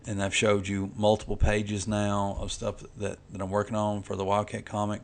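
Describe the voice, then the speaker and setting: A man's voice: fairly low pitch, completely flat delivery, normal speed. A man who makes comics, talking casually and rambling while he colors, with lots of "you know" and restarts. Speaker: comic artist vlogger.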